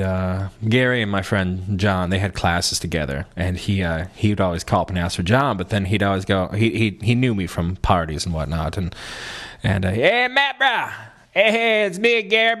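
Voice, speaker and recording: A young man hosting a broadcast, telling a rambling comic story full of self-mocking asides. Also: deep voice. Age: young adult. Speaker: podcast host.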